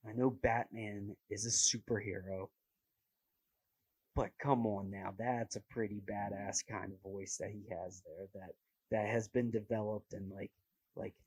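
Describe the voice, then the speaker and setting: A man's voice: lowish voice, slightly rough, no room sound, low-quality recording. A young man hosting a podcast, chatting casually with a rambling, self-mocking humor and lots of fillers. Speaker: podcast host. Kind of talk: casual chat.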